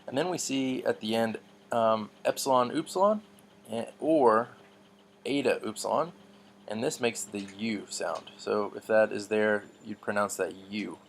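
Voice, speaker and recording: A man teaching a relaxed lesson on Greek pronunciation, patient and slow, with frequent ums and restarts. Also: on the low side, gravelly, slight background noise.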